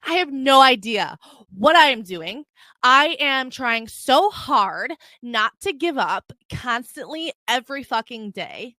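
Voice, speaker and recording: A woman's voice: sits high, lively intonation, slow, bright, forceful tone, no echo. A young woman hosting her own podcast, rambling casually in a brash, profane, unfiltered way. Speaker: podcast host. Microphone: desk mic on a video stream.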